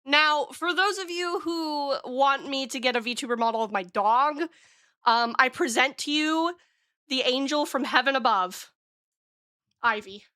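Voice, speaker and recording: A young adult woman streaming from home, chatting casually in a gushing, excitable way and swearing freely, close on the mic. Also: high voice, moderate pace, dry recording. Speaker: VTuber streamer. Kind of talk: casual live-stream chat.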